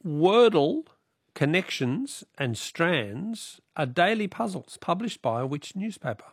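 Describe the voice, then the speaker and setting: Brisk Australian man hosting a radio quiz. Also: high voice, big pitch swings, breathy edge, dry recording, clean studio sound. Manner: brisk, counts off questions. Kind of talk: radio quiz and caller chat.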